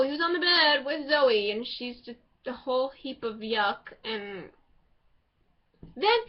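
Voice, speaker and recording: A woman casually reviewing a TV episode, excitable and rambling as she gushes over the characters. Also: high voice. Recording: dull lo-fi home recording.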